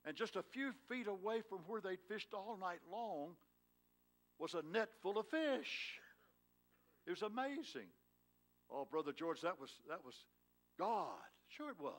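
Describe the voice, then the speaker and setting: A male pastor preaching a sermon in a church, swinging from loud, emphatic lines to hushed, tender ones and prodding his congregation with questions. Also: a little high. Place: church sanctuary.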